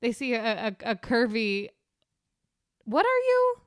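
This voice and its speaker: Lively woman, playfully teasing. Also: a little high, takes it slowly, no room sound, studio quality. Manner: playful questioning, straight-faced teasing. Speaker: podcast co-host. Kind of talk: comedic casual chat.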